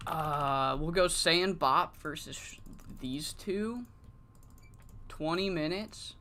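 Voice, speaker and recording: This is a relaxed game streamer talking through a wrestling management sim at an unhurried pace, voice sitting in a middle register. The talk wanders, with casual swearing and sudden excited rants about the game. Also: medium pitch, slight background noise. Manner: rambling, swears freely, bursts into excited rants. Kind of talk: casual gameplay commentary.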